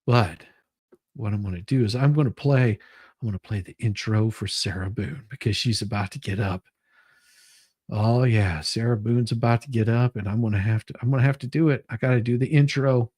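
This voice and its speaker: A man's voice: medium pitch, a little fast, a little mellow, breathy edge, dry recording, clean studio sound. A middle-aged man hosting a livestream, talking bluntly and rambling as he repeats himself. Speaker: stream host. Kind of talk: casual livestream commentary.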